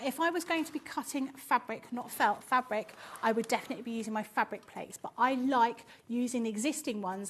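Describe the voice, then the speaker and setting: A woman's voice: on the high side, slight background noise. A woman demonstrating a craft machine on a live show, chatty and explaining step by step.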